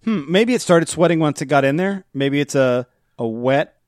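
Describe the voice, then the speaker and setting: A man's voice: fairly high pitch, lively intonation, normal speed, no echo. Chatty man on a dry, close mic. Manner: chatty, joking, often laughs. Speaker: podcast co-host. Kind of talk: casual chat.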